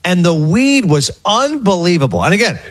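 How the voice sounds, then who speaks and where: A man's voice: high-pitched, big pitch swings, normal speed. A man co-hosting a sports radio show, telling a long rambling story in casual chat and acting out the quotes.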